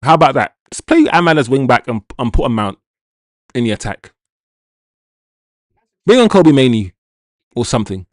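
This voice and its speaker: A man's voice: medium pitch, expressive, normal speed, long pauses, no room sound, clean studio sound. Frustrated man ranting live. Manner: ranting, frustrated, swearing, talking to the chat. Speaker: football watch-along host. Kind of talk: live-stream commentary and chat.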